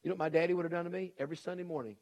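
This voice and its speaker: A man's voice: high voice, steady tone, very fast, a little mellow. A middle-aged man preaching a sermon in an emphatic, folksy way, hammering home his point and acting out the people he quotes. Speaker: preacher and educator.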